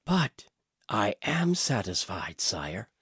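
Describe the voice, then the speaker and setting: Man doing a humble old wise man from a storybook, quiet and gentle, slow and low. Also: very animated, slightly rough, no echo, studio quality, exaggerated voice.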